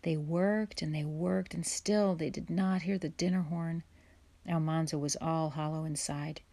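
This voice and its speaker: A woman reading a children's chapter book aloud in a gentle, measured storytelling way. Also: low voice, fairly even intonation. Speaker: audiobook reader. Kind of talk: storybook read-aloud narration.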